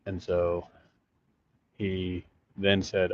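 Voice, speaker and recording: Deep-voiced, profane male vlogger who tells rambling stories, recorded on dull, muffled audio. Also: little pitch movement, normal speed, a little mellow. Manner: rambling, profane, restarts sentences. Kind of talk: casual storytelling vlog. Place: outdoors in an urban jungle, sleeping rough.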